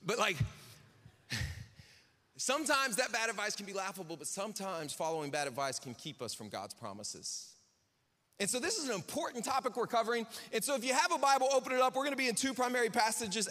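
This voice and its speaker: Bright high-voiced preacher in a hall. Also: male voice, sing-song, fairly quick. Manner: casual, chatty preaching with jokey asides. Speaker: pastor. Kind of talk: sermon.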